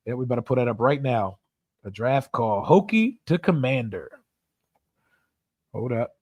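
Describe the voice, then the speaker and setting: A man hosting a live draft reaction stream, excitable and casual, with slang and swearing. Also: medium pitch, a little slow, no room sound. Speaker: streamer host.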